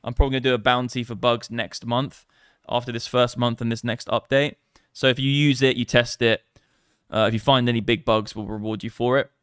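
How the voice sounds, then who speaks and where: A man talks through a live crypto trading stream in a loose, rambling way, with plenty of swearing. His voice is smooth and resonant. It sounds close and dry, with no room echo. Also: mid-range voice, level tone, a little fast, fairly bright tone. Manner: rambling, profane, casual.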